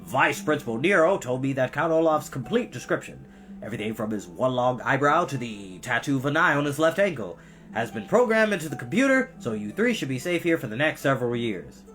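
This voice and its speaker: A storytelling reader voicing a pompous middle-aged male banker guardian, talking slowly and loudly between coughs. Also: mid-range voice, very animated, faint music behind. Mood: boastful.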